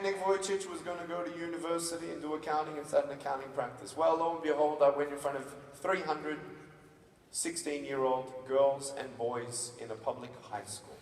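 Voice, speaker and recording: A man giving an animated motivational stage speech in a large convention hall, acting out the dialogue in his stories. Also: a little high, distant mic, a little hiss or hum. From Australia. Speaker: motivational speaker. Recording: echoey hall from afar.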